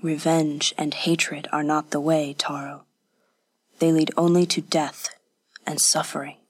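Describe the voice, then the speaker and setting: A woman voicing a patient, kindly temple priest who speaks softly and calmly. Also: sits low, a little slow, breathy edge. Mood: gentle, concerned. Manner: calm, soft-spoken counsel. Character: gentle, patient older male temple priest.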